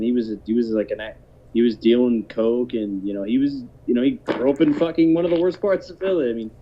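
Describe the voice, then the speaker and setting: A man in his thirties telling a long story in casual chat, rambling and swearing, with many restarts. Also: medium pitch. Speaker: podcast host telling a story. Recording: dull lo-fi podcast audio.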